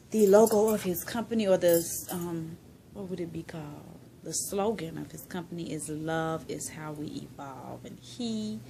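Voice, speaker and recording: A woman from Tennessee, speaking in a soft, heartfelt personal monologue that drifts into whispers. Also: low-pitched, creaky, background noise. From Tennessee, USA. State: emotional, near tears. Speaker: vlogger.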